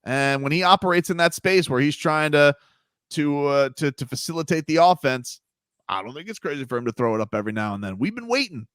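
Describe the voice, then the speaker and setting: Male sports radio host, rambling and emphatic, lively pitch, dry studio sound. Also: a little fast, clean tone, no echo. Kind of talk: sports talk radio banter. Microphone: studio mic.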